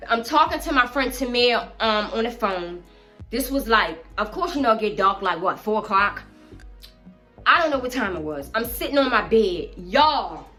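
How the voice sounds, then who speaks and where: Animated, bright-voiced woman telling a story. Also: on the high side, normal speed, faint music behind. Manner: animated, profane, addresses viewers as y'all. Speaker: vlogger. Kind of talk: casual storytime vlog.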